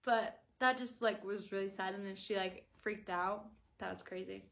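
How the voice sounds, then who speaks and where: A woman's voice: mid-range voice, steady tone, moderate pace, creaky, fairly bright tone. A woman chatting casually to her viewers in a video review, gushing about a book and filling her talk with "like". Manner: gushing and chatty, with constant "like" fillers.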